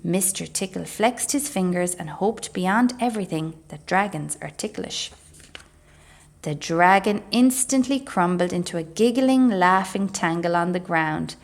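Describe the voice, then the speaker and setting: A woman reading a children's storybook aloud as a library storyteller, expressive and measured. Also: lowish voice.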